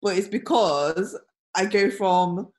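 Female guest, Leeds accent shifting to posh, lively, self-mocking. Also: mid-range voice, slow. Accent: shifting between Jamaican-influenced Leeds and posh English. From Leeds, England. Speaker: guest athlete. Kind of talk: casual chat.

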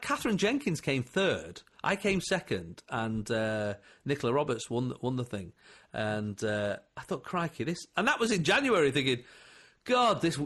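A comedian guest in casual chat, an animated storyteller who laughs often. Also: male voice, a little high.

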